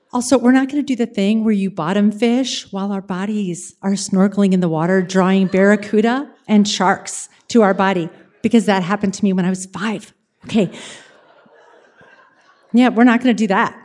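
A woman telling a personal story with animated, dramatic pacing and wry asides. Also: medium pitch.

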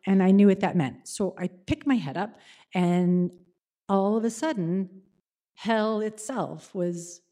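A woman telling a personal story to an audience, animated and dramatic, slowing down for suspense. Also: mid-range voice.

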